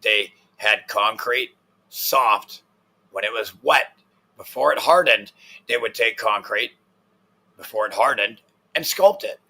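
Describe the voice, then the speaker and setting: A man's voice: fairly low pitch, expressive, slow, long pauses, bright, forceful tone, husky. A man co-hosting a casual chat, crude and mocking, with a lot of swearing.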